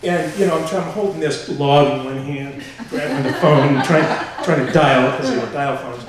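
A man telling a personal story on stage to a live audience, animated and full of fillers, acting out quotes as he goes. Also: a little high, normal speed, a crowd in the background. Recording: echoey hall from far off.

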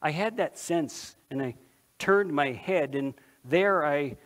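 A man's voice: fairly high pitch, slow pace. A man preaching a dramatic first-person monologue, voicing Mary of Magdalene, a woman disciple who tells her story straight to the listeners and asks them questions. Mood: awestruck.

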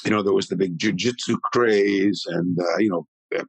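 A man in his sixties speaks in a low, slightly husky voice. He tells long, rambling stories as an interview guest with animated energy. The sound is dry, with no room echo. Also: moderate pace. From Canada. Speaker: guest, martial arts historian. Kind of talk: conversational storytelling.

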